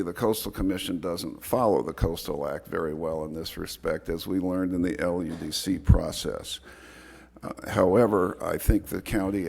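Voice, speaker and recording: A man, an advisory committee chair, giving public comment at a county board meeting, reading earnestly and fast with small stumbles. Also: deep voice, vocal fry, darkish tone.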